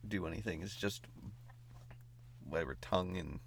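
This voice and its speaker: A man co-hosting a podcast in casual chat, goofy and quick to laugh. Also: low-pitched, vocal fry, slight background noise. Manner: goofy, laughing, drops into silly voices. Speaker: podcast co-host.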